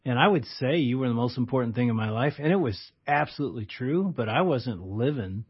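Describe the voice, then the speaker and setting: A man's voice: mid-range voice, lively intonation, fairly quick, breathy edge. Guy in his sixties, pastor co-hosting a talk show, teasing and chuckling, muffled sound. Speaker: radio co-host and pastor. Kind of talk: casual conversational chat. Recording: dull lo-fi sound.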